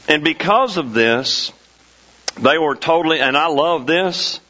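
A pastor preaching to his church, his voice pitched high and bright. He drives his points home by repeating them with rising emphasis. The recording is dull and lo-fi. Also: animated, takes it slowly. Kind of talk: sermon.

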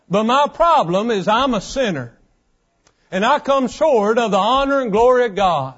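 A man's voice: extremely high pitch, expressive, normal speed, fairly bright tone. A man in his thirties preaching a sermon with a fervent, repetitive cadence. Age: 30s. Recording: dull lo-fi sound.

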